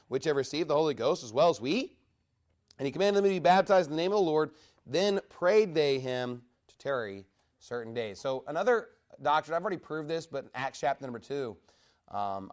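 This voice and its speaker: A man preaching a verse-by-verse Bible sermon, emphatic, asking his listeners questions and rising in force to stress his points. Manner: emphatic, asks the congregation questions; rises in pitch and volume when stressing points.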